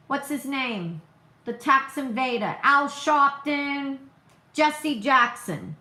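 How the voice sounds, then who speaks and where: A political livestream host with a noticeable accent speaks in a high, pushed, bright voice, and the sound is roomy. She hosts an opinionated live stream, hammering her points home through repetition and posing rhetorical questions.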